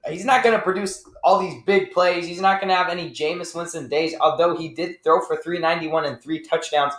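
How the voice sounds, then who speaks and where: A man co-hosting a sports podcast, reading out stats and joking around in an excitable way. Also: a little high. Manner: excitable, joking, quick to laugh. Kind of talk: casual sports analysis chat. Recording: echoey room.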